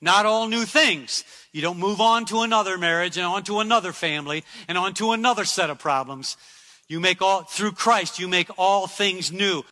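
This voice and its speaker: A man's voice: high-pitched, normal speed, pushed and bright, long reverb tail. A man preaching a sermon in an emphatic style, repeating phrases for effect. He speaks from a church sanctuary.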